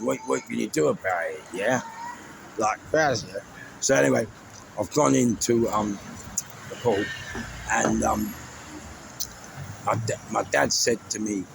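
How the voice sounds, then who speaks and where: Gravelly London man telling stories. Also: fairly low pitch. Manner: chatty, rambling, laughs at his own stories. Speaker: storyteller recounting his life. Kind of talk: casual storytelling. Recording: noisy background with traffic.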